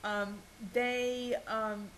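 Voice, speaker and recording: A woman's voice: a little high, level tone, very slow, a bit bright, a little hiss or hum, poor audio. A woman giving a recorded college lecture, hesitant, with many ums and restarts and small laughs at herself.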